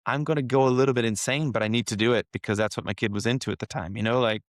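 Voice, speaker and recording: A man with an average-pitched voice tells an earnest personal story. The recording is close and dry, and he sometimes shifts into direct, heartfelt advice. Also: steady tone, very fast, no echo. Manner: earnest, emotional, coaching tone. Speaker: podcast guest, wealth manager. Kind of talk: casual conversational storytelling.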